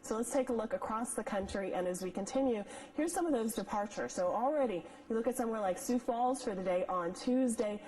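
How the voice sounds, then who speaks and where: A woman's voice: on the high side, a little fast, hardly any pauses, poor audio. Woman meteorologist with the hiccups. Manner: steady forecast patter with small slips and restarts. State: has the hiccups. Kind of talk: live weather forecast.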